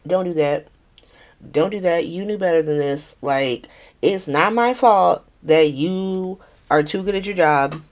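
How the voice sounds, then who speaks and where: Woman playing a curt mobster man, scolding, dismissive, lowish voice. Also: natural voice.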